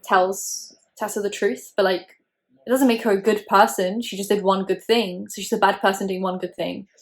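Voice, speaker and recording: Young female vlogger, casual and opinionated, mid-pitched, talking over a film. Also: steady tone, normal speed. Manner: chatty, opinionated, lots of "like". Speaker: YouTuber host. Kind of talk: casual movie reaction commentary.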